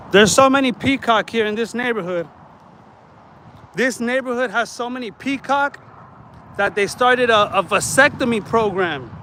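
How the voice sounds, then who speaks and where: A man's voice: sits high, a bit bright, a little hiss or hum, poor audio. A man walking his neighborhood outdoors, talking casually and ranting with plenty of profanity in the heat. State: sweating in the heat. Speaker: vlogger.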